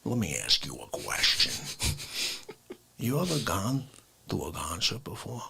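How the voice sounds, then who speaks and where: A man hosting an unscripted comedy livestream, ranting with wild swings between whispers and shouts and frequent laughter. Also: medium pitch, breathy edge. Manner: wildly swinging delivery, dropping to whispers and bursting into shouts, laughing.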